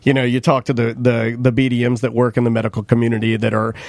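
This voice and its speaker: A man's voice: mid-range voice, completely flat delivery, fast, gravelly, a little mellow, no echo. Ranting podcast co-host man, dry sound. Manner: heated, ranting storyteller. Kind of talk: casual chat.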